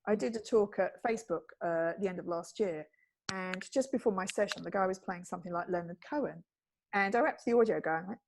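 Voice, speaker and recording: A woman's voice: quick pace, gravelly, a little mellow. A woman and TV producer, telling stories with wit and acting out the quoted voices. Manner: witty, acts out quoted voices with big pitch jumps. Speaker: guest, TV producer and speaker. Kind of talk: animated storytelling in conversation.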